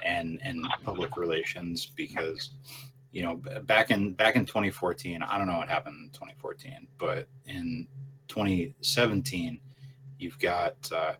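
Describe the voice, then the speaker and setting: A man talking casually on a podcast, rambling and swearing, often trailing off quietly. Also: low voice, slight background noise.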